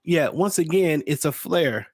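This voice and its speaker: A man co-hosting a casual talk show, relaxed and joining in with short replies. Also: on the high side, measured pace, dry recording, clean studio sound. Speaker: podcast co-host. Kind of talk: casual chat.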